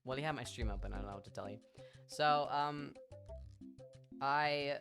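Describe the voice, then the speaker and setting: A streamer with an English accent telling a story to their chat in a casual, animated way, swearing freely and acting out what people said. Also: medium pitch, normal speed, creaky, music in the background. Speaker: livestreamer.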